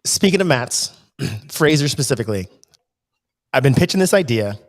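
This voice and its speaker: A man's voice: medium pitch, sing-song, moderate pace. Playful man joking on a podcast. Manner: playful, jokey storyteller. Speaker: podcast co-host. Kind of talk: casual podcast chat.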